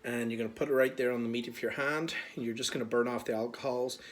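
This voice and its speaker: A chatty Irish man leads a whiskey tasting in a relaxed, joking way. His voice sits at an ordinary middle pitch, and he speaks from a small bar. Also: fast. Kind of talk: casual instructional talk.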